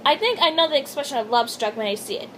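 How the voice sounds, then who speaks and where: A woman's voice: high-pitched, animated, fast, a bit bright, slight background noise, low-quality recording. A woman voicing a teasing young male friend, attempting a South African accent. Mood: earnest.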